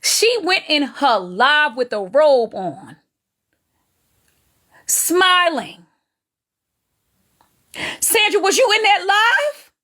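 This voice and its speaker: A woman hosting a live stream, giving gleeful gossip commentary on other streamers. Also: high-pitched. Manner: animated, gleeful, drawling Southern Black vernacular phrasing.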